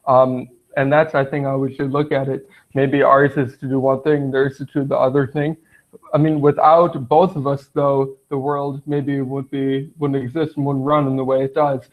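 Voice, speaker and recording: A man's voice: mid-range voice, level tone, moderate pace. A man giving his view in a class discussion, hesitant and full of restarts, over tinny phone-like call audio. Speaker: class participant.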